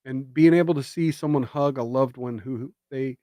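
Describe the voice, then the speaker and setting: A man's voice: mid-range voice, moderate pace, dark tone, no echo, clean studio sound. Sarcastic, emphatic male streamer. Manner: sarcastic, emphatic, rising to indignant jabs. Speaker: streamer and commentator. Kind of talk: political commentary rant.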